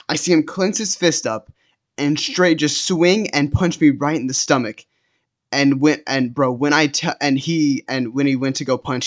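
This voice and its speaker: A young man telling a story casually, rambling, with lots of fillers and restarts. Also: medium pitch. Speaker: storytime vlogger.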